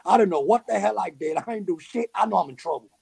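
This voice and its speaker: A man tells a story as a podcast guest. His voice sits a bit high and sounds gravelly and husky. He talks in animated street slang and drops in sound effects. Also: quick pace. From New York City. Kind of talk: casual storytelling.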